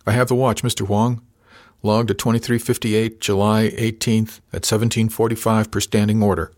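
A man's voice: on the low side, little pitch movement, normal speed, darkish tone, no echo, studio quality, natural voice. A man voicing a stern, bullying male first mate who speaks in clipped, menacing words. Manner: clipped, menacing, bites off each word.

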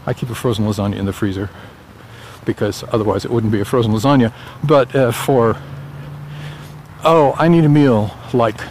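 A man's voice: mid-range voice, darkish tone, slight background noise. A middle-aged man talking casually while out on a morning walk, rambling along with filler words and small chuckles. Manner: rambling, chatty, with frequent "uh" and chuckles. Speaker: vlogger. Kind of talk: casual walking vlog.

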